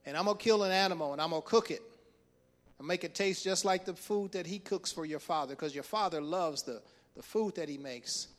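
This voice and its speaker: A man's voice: on the high side, a little fast. A male pastor preaching a sermon, retelling a story with acted-out voices and frequent chuckles.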